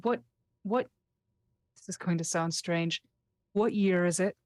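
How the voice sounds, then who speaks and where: A woman's voice: lowish voice, slow pace, dry recording. A woman voicing a wary young adventurer woman who speaks in a dry, uneasy way.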